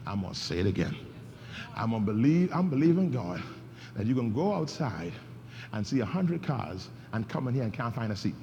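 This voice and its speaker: In a church sanctuary, a male pastor with a medium-pitched voice and big pitch swings preaches a little fast, leading his congregation in call-and-response. The audio is dull, with long reverb from the hall and faint background noise.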